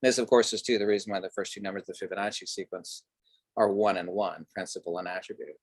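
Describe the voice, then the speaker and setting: A man's voice: deep voice, fairly even intonation, fast talker, no echo. A man speaking as a podcast guest, explaining ideas in a discursive, lecturing way with many fillers. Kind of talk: philosophical conversation.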